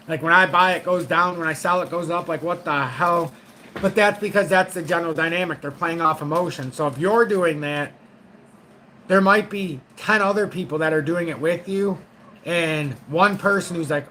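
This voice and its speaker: Middle-aged male host, bright and forceful, blunt and cussing, faint hum behind. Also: a little high, brisk, rough recording. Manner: blunt and profane, frank, talks straight to his audience. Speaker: crypto trading channel host. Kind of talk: casual market commentary to viewers.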